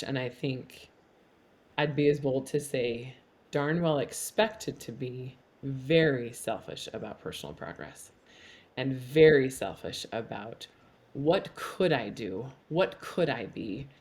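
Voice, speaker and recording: Casting: middle-aged woman, candid interview guest, earnest with flashes of self-mocking humor. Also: rumbling low. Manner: earnest, animated, laughs at herself. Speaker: podcast guest.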